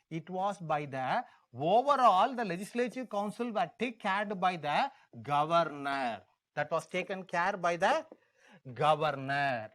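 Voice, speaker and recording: A man's voice: sits high, expressive, unhurried, fairly bright tone. A man with an Indian English accent giving an exam-prep history lecture, repeating key words and asking the class questions as he teaches.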